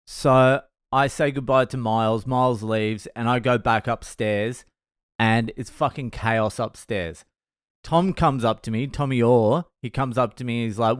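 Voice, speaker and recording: A man retells a night out in a profane, animated monologue, laughing at his own story. His pitch sits mid-range, and the close mic gives a dry, roomless sound. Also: measured pace, smooth, dry recording. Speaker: podcast host.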